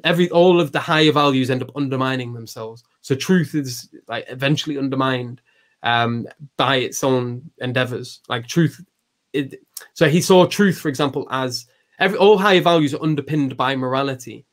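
A man's voice: mid-range voice, moderate pace. Rambling, hesitant man talking philosophy. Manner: hesitant, many restarts and fillers; acts out quoted lines with raised voice. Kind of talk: casual conversational explanation.

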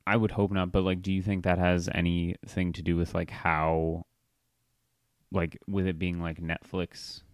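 Casting: male co-host, very low voice, dry recording, measured delivery. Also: level tone, no echo. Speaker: podcast co-host. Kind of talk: casual fan chat.

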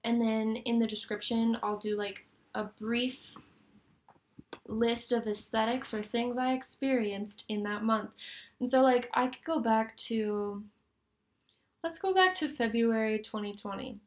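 A young woman with a slightly high voice chats casually as a podcast co-host. She talks with enthusiasm and fills her sentences with "like" and "um.". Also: unhurried. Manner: chatty, many "like" fillers, enthusiastic. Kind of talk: casual chat.

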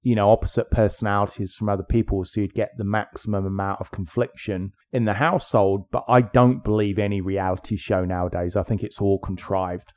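A man's voice: lowish voice, flat delivery, fairly quick, few pauses, darkish tone. A middle-aged man co-hosting a podcast, talking in an opinionated, rambling way with many fillers. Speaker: podcast co-host. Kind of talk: casual chat.

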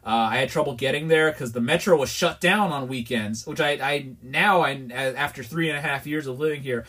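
A man's voice: medium pitch, a little fast, a bit bright. A man from New York, hosting a podcast and telling a rambling, exasperated story in a candid, casual way. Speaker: podcast host.

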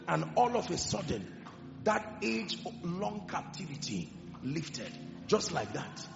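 A man preaching a sermon with passion, swinging between loud declarations and hushed emphasis. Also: on the high side, very animated, slow pace, vocal fry. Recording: echoey hall with music behind, dull sound. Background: music.

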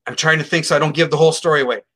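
A man's voice: on the high side, rapid-fire. A middle-aged man speaking as an interview guest, telling a case story in a casual, emphatic way and acting out what others said. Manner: animated, emphatic, acts out quotes.

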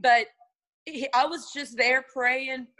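A woman's voice: high-pitched, fairly even intonation, slow, sharp tone, low-quality recording. A woman lead pastor, from the United States, telling an earnest and emotional testimony in a podcast interview.

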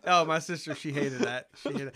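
A man's voice: a little high, moderate pace, very noisy. A man co-hosting a parenting podcast, talking casually and often repeating words as he gathers his thoughts. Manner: relaxed, repeats words as he thinks. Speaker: podcast co-host and father. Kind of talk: casual chat.

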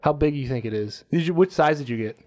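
A man's voice: fairly high pitch, lively intonation, fast, darkish tone. A young man co-hosting a gaming podcast, teasing his friends bluntly with plenty of swearing. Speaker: podcast co-host. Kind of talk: casual gaming chat.

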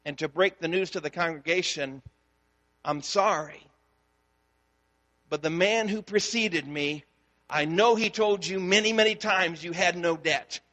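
A man's voice: high voice, unhurried, long pauses, in a large hall. A man, a pastor, preaching a sermon and telling a story, acting out the dialogue. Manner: storytelling, animated, acts out dialogue.

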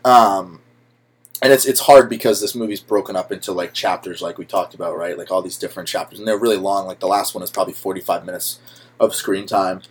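Animated young man chatting about a film. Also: low voice, brisk, husky. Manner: animated, swearing, many likes and laughs. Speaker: podcast co-host. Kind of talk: casual movie chat.

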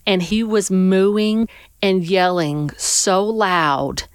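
A woman's voice: mid-range voice, drawn-out words, clear, resonant tone, no echo, studio quality. A woman animatedly telling a personal story in conversation, acting out what people said. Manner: animated, acts out people's lines. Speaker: guest storyteller.

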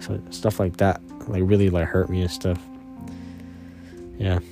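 Low-voiced young man telling a personal story. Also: little pitch movement, vocal fry, music in the background. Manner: casual, slangy, halting with many fillers.

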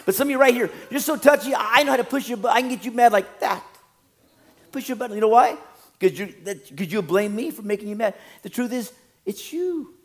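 A man preaching a sermon as a pastor, telling stories with laughter and acting out other people's voices. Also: high-pitched.

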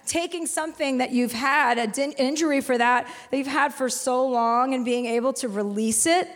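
A woman's voice: high voice, moderate pace, big-room sound. A woman in her forties hosting a live podcast, telling a personal story in a frank, profane, rambling way. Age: 40s. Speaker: podcast host. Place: live stage in a venue.

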